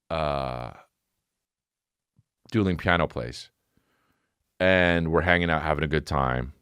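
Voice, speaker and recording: A man hosting a podcast, telling a comedic story in a profane, animated way that climbs high as he gets excited. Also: clean tone, no room sound, studio quality. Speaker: podcast host. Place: podcast studio.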